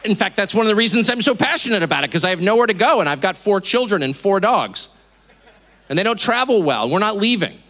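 A middle-aged man from the United States addresses a live audience with a bright, forceful, fairly high voice. His pitch swings widely as he lands emphatic points. He drops in dry, mocking asides. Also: quick pace. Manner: animated, emphatic delivery. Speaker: television host giving a speech. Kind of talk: public speech to a live audience. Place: event hall before an audience.

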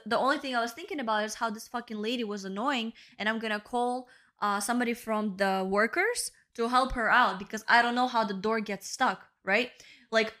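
Young woman, podcast co-host, high and bright, casual storyteller with a lot of "bro". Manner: storytelling, swears, says "bro" and "right?". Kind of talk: casual chat.

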